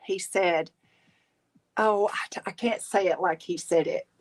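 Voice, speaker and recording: This middle-aged craft host has a fairly low voice and speaks a little slowly. During her livestream she chats casually as she crafts, often laughing and reading comments from viewers aloud.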